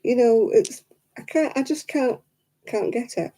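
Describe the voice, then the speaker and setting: Chatty British woman, dark husky voice. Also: animated, unhurried. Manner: chatty, mimics others in high voices. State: struggling with hand pain. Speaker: livestream host. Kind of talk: casual livestream chat.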